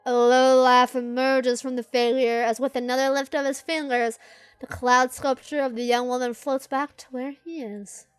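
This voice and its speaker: A young woman gaming host reading narration aloud and chatting back at the characters with animated, joking asides. Her voice is on the high side and smooth. The sound is close and dry. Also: moderate pace, dry recording, soft background music. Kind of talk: reading a game aloud with live commentary.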